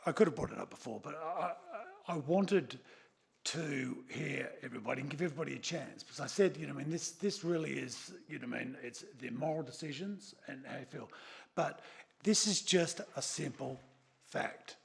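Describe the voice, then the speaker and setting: A middle-aged man with an Australian accent argues firmly in a council chamber. His voice is heavily gravelly and sits a little high. He is insistent and keeps checking that people follow him. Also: moderate pace. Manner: insistent, repeats "okay?" and "right?" to press points. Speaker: city councillor. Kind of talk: council meeting debate.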